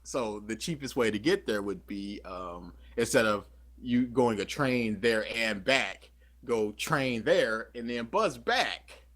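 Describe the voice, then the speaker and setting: A man's voice: medium pitch, animated, slow, fairly bright tone. A man co-hosting a podcast, chatting casually and telling a rambling story full of fillers and self-corrections. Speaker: podcast co-host.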